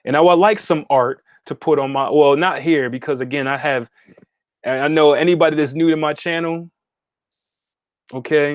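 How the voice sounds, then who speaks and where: With a slightly high, steady voice at a moderate pace, this male spiritual consultant hosts an informal livestream from his home meditation room. He addresses viewers head-on, repeats himself, and often checks in by saying "okay?", with no room sound in the audio.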